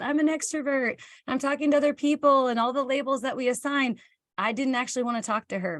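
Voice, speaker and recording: Woman, from Kansas, motivational live talk, chatty, candid, middle pitch, dry close recording. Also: no echo. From Kansas, United States. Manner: chatty and candid, reads and answers viewer comments, acts out dialogue in quotes. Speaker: team leader hosting a live session.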